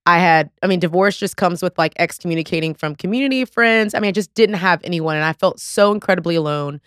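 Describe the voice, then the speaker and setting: A woman hosting a podcast in casual chat, excitable and emphatic, with slangy Southern-leaning phrasing. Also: lowish voice, fast talker, smooth, dry recording, clean studio sound. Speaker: podcast host.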